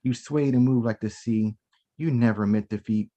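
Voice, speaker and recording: Man, performing poet, spoken-word reading, rhythmic, theatrical, video call from home. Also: normal speed. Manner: rhythmic, dramatic delivery that drops lower and softer for sensual verse.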